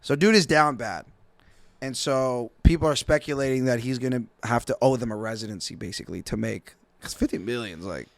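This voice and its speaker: A man co-hosting a podcast in casual chat, swearing a lot and saying "low key" and "man". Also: a little fast, dry recording. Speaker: podcast co-host and DJ.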